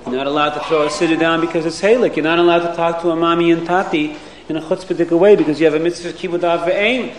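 A man telling a moral story to children in an animated, sing-song way, full of questions to his listeners. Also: fairly high pitch, fast talker, echoey room, a little hiss or hum.

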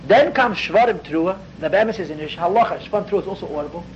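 A man's voice: high voice, expressive, fast talker. A man teaching a Hasidic text class, explaining earnestly and growing more intense as he goes. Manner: earnest, explanatory, dense with Hebrew and Yiddish terms; grows intense and raised toward the end. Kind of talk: spoken study lecture. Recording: dull lo-fi with faint background noise.

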